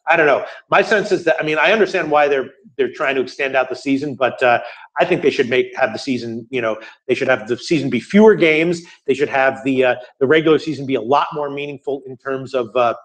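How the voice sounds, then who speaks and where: A man answering viewer questions in a casual studio chat, rambling with lots of fillers and restarts. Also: medium pitch. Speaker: guest sports bettor answering viewer questions.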